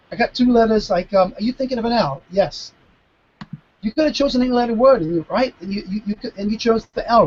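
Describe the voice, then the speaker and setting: A man in his fifties, a mentalist guest, explaining his craft in a live video Q&A with emphatic, animated storytelling and frequent restarts. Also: high-pitched, dull audio. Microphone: video call.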